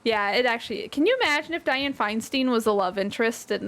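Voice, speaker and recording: A woman's voice: a little high, brisk, few pauses, fairly bright tone. A woman streaming a survival game with a friend, chatting casually and rambling, laughing often. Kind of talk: casual gaming chat.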